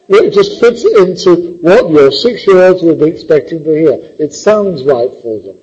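A man lecturing a class on poetry, animated and teasing, with sarcastic asides. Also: on the high side, unhurried, few pauses, slight background noise. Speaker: literature lecturer. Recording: dull lo-fi classroom recording.

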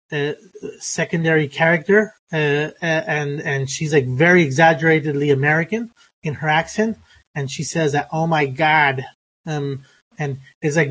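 Hesitant male phonetics teacher. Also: fairly high pitch. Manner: hesitant, many fillers and restarts. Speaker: pronunciation teacher. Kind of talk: live phonetics lesson.

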